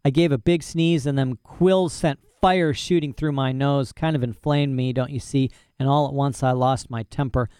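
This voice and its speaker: A man's voice: medium pitch, fairly even intonation, normal speed, few pauses, darkish tone, clear, resonant tone, no room sound, studio quality. A man narrating a story in first person with a folksy, boastful manner and rural dialect grammar. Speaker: audiobook narrator.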